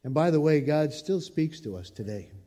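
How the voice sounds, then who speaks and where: Expressive preacher man in an echoing hall. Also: fairly high pitch, normal speed. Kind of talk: sermon. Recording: long reverb in a large hall.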